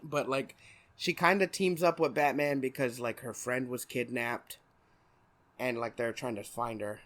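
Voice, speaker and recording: A man's voice: medium pitch, fairly even intonation, measured pace, a bit bright. A young man hosting a podcast in casual chat, rambling with lots of swearing and laughter. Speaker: podcast host.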